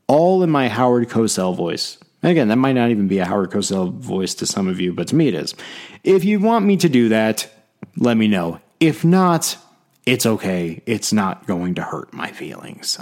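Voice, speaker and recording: Male podcast host, casual sports chat, quick, rambling, self-deprecating. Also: fairly low pitch, darkish tone.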